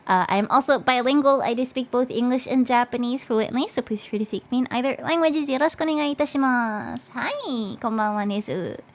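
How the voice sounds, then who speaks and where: A woman's voice: on the high side, quick pace, hardly any pauses. A woman streaming as a VTuber in casual chat, bubbly and talkative, her voice worn and fading. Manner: bubbly and chatty, switching between English and Japanese.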